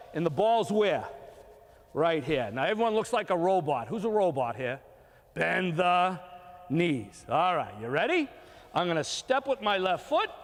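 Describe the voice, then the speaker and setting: An older man coaching young kids through a throwing drill, giving short, encouraging repeated commands. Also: high-pitched. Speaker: youth baseball coach. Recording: long reverb from a hall.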